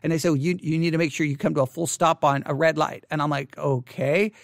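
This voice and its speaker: Speaking quickly in a slightly high, steady, creaky voice, the host of a Christian video channel recounts a personal story. He's impassioned and indignant, retelling it with quoted dialogue, and the sound is dry and clean like a studio.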